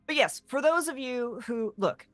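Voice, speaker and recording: Animated woman in casual chat. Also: high voice, no room sound, faint music behind. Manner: animated, rambling with quick tangents. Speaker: co-host of a tabletop gaming talk show.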